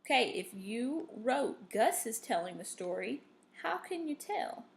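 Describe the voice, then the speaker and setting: A woman teaches a recorded reading lesson in an unhurried, patient way. Her voice sits a little high for a woman. She walks students through the steps, checks in often with "okay?" and fills pauses with "um.". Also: sing-song, creaky. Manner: patient, instructive, with frequent fillers and "okay?" checks.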